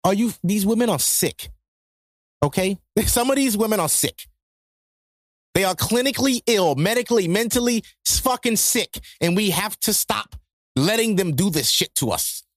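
A man's voice: high voice, moderate pace, dry recording, studio quality. A man hosting a podcast, ranting in a loose, profane, joking way. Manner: profane, joking, animated rants. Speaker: podcast host. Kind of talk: casual monologue.

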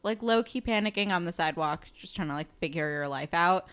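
A woman's voice: on the low side, a little fast, a bit bright. A woman co-hosting a podcast, improvising a playful story with lots of fillers. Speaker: podcast co-host. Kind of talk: casual chat.

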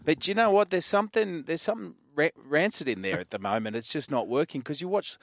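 A man's voice: fairly high pitch, brisk, dry recording, clean studio sound. A man chatting casually as a sports radio panelist, joking and ranting with energy. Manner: joking, animated rants. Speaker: radio panelist, ex-player turned actor.

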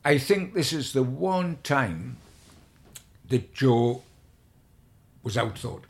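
A man's voice: medium pitch, lively intonation, takes it slowly. An older man, a sports journalist, telling long rambling anecdotes in an interview, with frequent restarts.

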